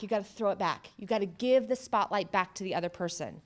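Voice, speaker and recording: A woman with a mid-range voice gives a workshop talk as a psychotherapist. She speaks conversationally and puts questions to the audience. She animates her delivery by acting out the things people say. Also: fast. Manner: animated, acting out quoted remarks with jumps in pitch and loudness. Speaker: cancer psychotherapist.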